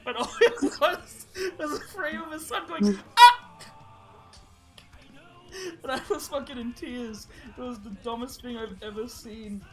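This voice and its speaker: Podcast co-host, man, high voice, rambling and profane, music bed behind. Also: moderate pace, hardly any pauses, fairly bright tone, rough recording. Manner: rambling, swears often, laughs while telling stories. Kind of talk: casual chat.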